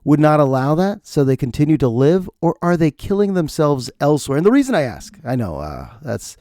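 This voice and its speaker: A man's voice: a little high, sing-song, brisk, dark tone, no room sound, clean studio sound. A middle-aged man hosting a podcast, delivering a jokey, ranting comedic monologue. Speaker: podcast host.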